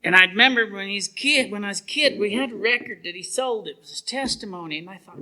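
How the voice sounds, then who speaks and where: A man's voice: high-pitched, quick pace, hardly any pauses, bright, forceful tone. A man, telling his testimony at a church revival in a plainspoken, folksy storytelling way. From southwestern United States. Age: 50s. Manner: plainspoken storyteller with rural grammar. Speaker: preacher giving testimony.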